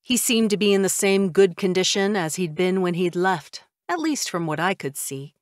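A woman narrating a fiction audiobook in the first person, with a steady, even delivery. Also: on the low side, normal speed, hardly any pauses, no echo, studio quality.

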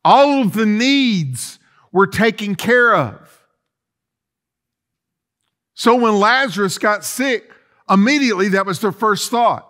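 Slow-preaching pastor, fairly high voice. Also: male voice, animated, sharp tone. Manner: preaching with rising intensity and long pauses. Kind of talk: sermon.

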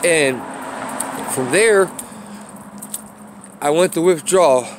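A man's voice: on the high side, drawn-out words, background noise. Rambling man venting on a street. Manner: rambling, profane, apologetic asides. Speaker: vlogger. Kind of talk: casual rant while walking. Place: outdoors on a city street.

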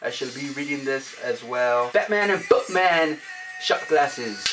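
A man casually chatting as he opens fan mail for his vlog, upbeat and often shouting out exclamations. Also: medium pitch, animated, unhurried, music in the background. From United States. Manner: upbeat, punctuates items with loud exclamations. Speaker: vlogger opening fan mail.

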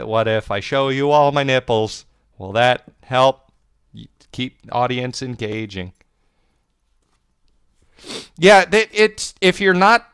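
A man's voice: mid-range voice, fairly bright tone, smooth, no echo, clean studio sound. A man streaming a game and chatting playfully, swearing freely and cooing baby talk. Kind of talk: casual live-stream chat. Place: home.

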